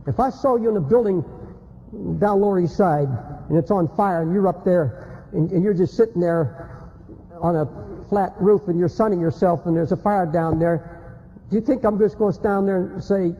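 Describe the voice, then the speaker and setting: A male preacher delivers a fiery sermon with dramatic storytelling, dropping to a hush and rising to a shout. His voice is high-pitched, mellow and husky. A long hall reverb trails after every phrase. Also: normal speed, muffled recording.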